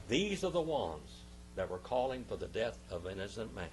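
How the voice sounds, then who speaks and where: A man teaching a church Sunday school class. He swings between loud, emphatic bursts and quiet asides, and repeats phrases for emphasis. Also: on the low side, big pitch swings, a little slow, a little hiss or hum.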